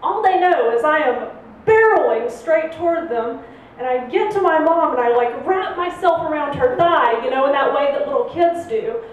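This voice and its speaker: A young adult woman telling a funny personal story on stage at a live storytelling night, animated and laughing often, jumping her voice up high to act out the people in it. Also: moderate pace. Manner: animated, acts out voices with big pitch jumps, laughs often. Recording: roomy live venue, heard from a distance, faint room noise.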